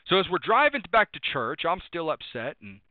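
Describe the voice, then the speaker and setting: A man's voice: fairly high pitch, huge pitch swings, moderate pace, no room sound. A man preaching a sermon, speaking emphatically, repeating refrains and citing Bible verses by chapter and number. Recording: tinny phone-like dry sound.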